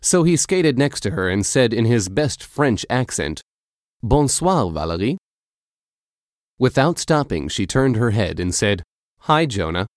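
Low-voiced man narrating a storybook. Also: expressive, moderate pace, few pauses, darkish tone, no echo, studio quality. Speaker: audiobook narrator.

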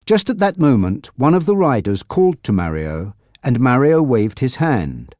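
Measured storybook narrator, very lively pitch. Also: no room sound, clean studio sound. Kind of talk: graded-reader audiobook narration.

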